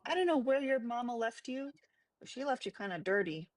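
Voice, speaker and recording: A woman's voice: on the high side, expressive, a little fast, no room sound. A woman hosting a casual livestream chat, talking bluntly and swearing casually. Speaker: livestream host.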